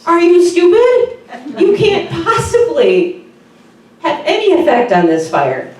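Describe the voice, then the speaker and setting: A woman's voice: extremely high pitch, wildly swooping pitch, takes it slowly, a little mellow, voice pushed up, exaggerated voice. A pastor voicing a scornful male owl from a folk tale, mocking and incredulous, while telling a story in a sermon. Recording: very echoey room from far off.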